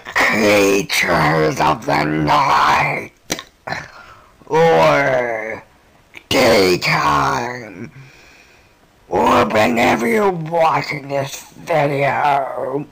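A man voicing a slow, deep-voiced male night monster, drawing out a spooky greeting in a video game playthrough. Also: expressive, gravelly, a bit bright, heavily acted.

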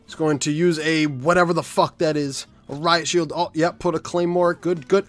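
A young man giving live commentary over a shooter game, swearing often and swinging from low mumbling to loud yelling. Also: normal speed, few pauses, soft background music. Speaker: gaming YouTuber.

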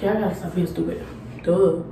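A woman's voice: fairly low pitch, steady tone, fairly quick, vocal fry. A woman vlogging to the camera in a bathroom, hyper and playful, squealing and making beep noises. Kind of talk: casual vlog talk to camera. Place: grandmother's bathroom. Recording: echoey room with noise.

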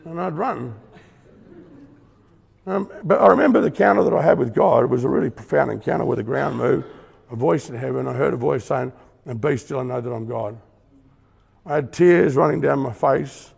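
Gravelly Australian man preaching a testimony. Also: medium pitch, normal speed, long pauses, darkish tone, long reverb tail. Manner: earnest, emphatic, conversational, with acted-out asides. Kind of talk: testimony sermon.

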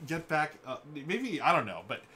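A man's voice: fairly high pitch, very animated, normal speed. A man hosting a casual live stream of a board game, chatting with viewers and often breaking into laughter. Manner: giggly, keeps breaking into laughter. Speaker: livestream host. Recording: loud background noise.

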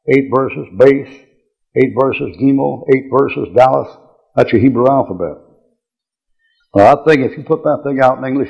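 Gravelly older preacher with a drawl. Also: male voice, mid-range voice, a little mellow. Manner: folksy, blunt, chuckling asides. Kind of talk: bible teaching lecture. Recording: muffled old lecture tape.

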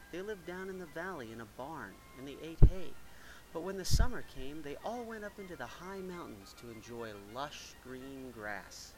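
A man narrating a children's storybook in a gentle, expressive reading. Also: medium pitch, low-quality recording. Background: music.

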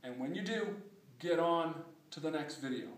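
A man teaching a Spanish lesson, speaking emphatically and repeating phrases slowly for drilling. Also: on the high side, expressive. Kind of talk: spoken language lesson. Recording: echoey room, voice from a distance.

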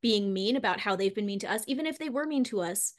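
A guest author, a woman with a medium-pitched, expressive voice, talks quickly and emotionally about how she feels during a podcast interview. She is candid and fills her speech with plenty of fillers.

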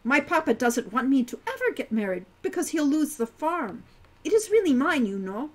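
A woman's voice: high-pitched, sing-song, moderate pace, voice pushed up. A woman voicing a prim fourteen-year-old centaur farm girl who talks formally and avoids contractions.

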